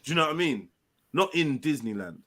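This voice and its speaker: A man's voice: on the high side, animated, fairly quick, pushed and bright. A man hosting a live online panel, brash and teasing, swearing freely in casual banter. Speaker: panel host.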